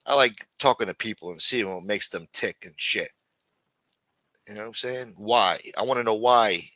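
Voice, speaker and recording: Male livestream host, rambling profane chat, lowish forceful voice, dry close sound. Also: moderate pace, no room sound. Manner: profane, rambling, full of "you know".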